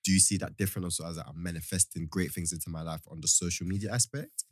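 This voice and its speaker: A man's voice: deep voice, steady tone, quick pace, no room sound, clean studio sound. A young man chatting casually on a podcast, asking probing questions. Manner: inquisitive, asks probing questions. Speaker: podcast co-host. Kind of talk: casual chat.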